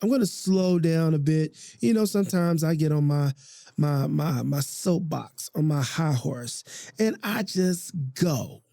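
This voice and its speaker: A podcast host speaks unhurriedly in a fairly high, animated voice that's gravelly and warm, recorded dry in a studio. He's casual and passionate, using slang and repeating himself a lot in heartfelt talk.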